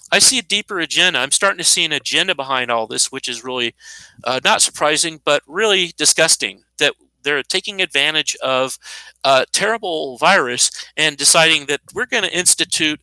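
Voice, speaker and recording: A man's voice: on the high side, sharp tone, no room sound, low-quality recording. A man in his fifties giving an unscripted, indignant monologue, sarcastic and rambling, with frequent restarts. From United States. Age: 50s. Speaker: commentator.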